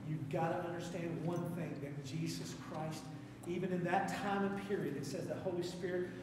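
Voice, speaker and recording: A man's voice: on the high side, steady tone, normal speed, distant mic, noisy background. A man with an Appalachian accent preaching a sermon as pastor, with fervent, repetitive exhortations. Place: church sanctuary. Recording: echoey church hall, mic from afar.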